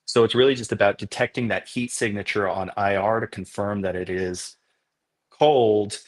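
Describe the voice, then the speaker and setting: A man on a podcast interview, explaining things at length and telling animated stories from his filming work. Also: lowish voice, moderate pace. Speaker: documentary filmmaker guest.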